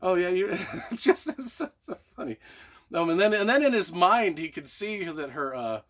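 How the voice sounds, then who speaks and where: A man's voice: high voice, animated, moderate pace, a bit bright. A man giving a casual, rambling book review, swearing often and slipping into goofy voices. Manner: rambling, profane, acts out silly voices.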